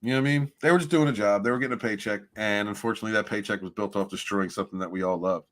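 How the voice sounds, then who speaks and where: Low-voiced man ranting on a livestream. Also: racing. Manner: rambling, profane, loud swings of emphasis. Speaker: livestream host reading viewer chat. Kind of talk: casual rant and chat.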